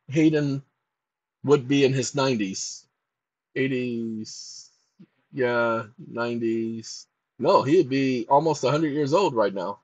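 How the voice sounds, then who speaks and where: A man's voice: mid-range voice, no room sound. A man walking viewers through a casual screen-share tutorial, dictating prompts aloud in an emphatic, scolding way. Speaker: channel host.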